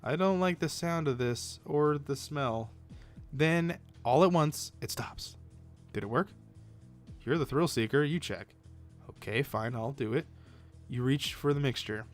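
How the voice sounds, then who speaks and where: A man's voice: medium pitch, unhurried, faint music behind. A man hosting a let's-play, reading a story game aloud casually and correcting his slips.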